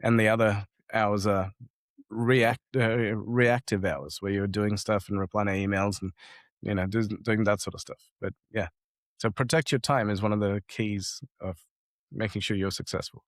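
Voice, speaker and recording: A man's voice: fairly low pitch, normal speed, no echo, studio quality. Man telling business stories, acting out voices. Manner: animated storytelling, acts out quoted people. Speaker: guest entrepreneur. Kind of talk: conversational business advice. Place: home office with awards on wall.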